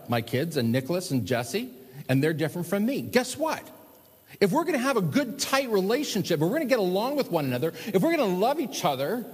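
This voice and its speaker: A man preaches a sermon with animated swings between loud emphasis and hushed, slowed lines. His voice sits a bit high with a husky edge. A long reverb hangs after his words, as if in a large hall. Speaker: pastor.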